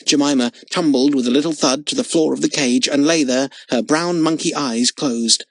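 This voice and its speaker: A man narrating a children's audiobook with an expressive, dramatic reading. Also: mid-range voice, normal speed, no room sound. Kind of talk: storybook narration.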